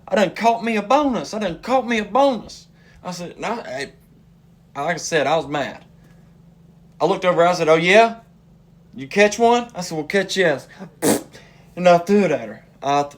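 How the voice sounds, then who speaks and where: Comic, a bit high-voiced, loose and animated, acts out the people in his story. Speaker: stand-up comedian. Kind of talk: casual comedic storytelling.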